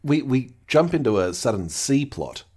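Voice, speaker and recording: A man co-hosting a casual podcast, recapping plot in a relaxed way with dry asides. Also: medium pitch, normal speed, husky. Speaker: podcast co-host. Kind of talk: casual chat recapping a TV episode.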